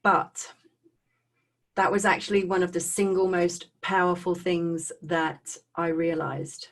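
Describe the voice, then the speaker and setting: Earnest, halting woman telling her own story. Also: fairly low pitch, flat delivery. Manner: halting and earnest, often repeats and restarts words. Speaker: speaker sharing her personal story. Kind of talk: emotional personal testimony talk.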